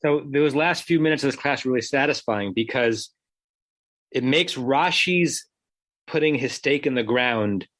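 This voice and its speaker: Man, rabbi leading a video-call study class, explanatory and halting, dry audio. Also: mid-range voice, a bit bright, no room sound. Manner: thoughtful, explanatory, halting with fillers. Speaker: rabbi teaching a text class. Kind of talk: online study class discussion.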